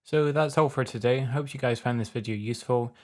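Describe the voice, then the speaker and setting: A man casually talking through a music production tutorial step by step in a relaxed, plain way. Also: mid-range voice, a little fast. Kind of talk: casual screen-recorded tutorial.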